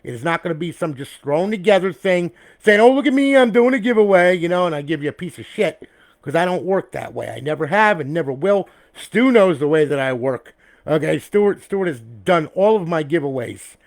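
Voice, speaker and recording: A man's voice: fairly high pitch, expressive, moderate pace, creaky, no echo, clean studio sound. A man who builds custom consoles, talking casually to camera in a rambling way, tagging "okay?" and "all right?" onto nearly every point, blunt and profane and chummy with his viewers, recorded on an external mic. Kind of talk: casual talk to camera about a finished build. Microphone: external mic, replacing the camera's built-in one.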